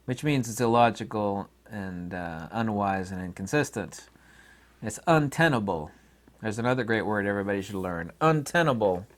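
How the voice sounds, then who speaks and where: Host type, male, sardonic philosophical rambler, lively pitch, chuckles at himself. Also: moderate pace. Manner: sardonic, laughs at own jokes, acts out mock dialogues; swings from quiet mutters to loud high exclamations. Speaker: channel host.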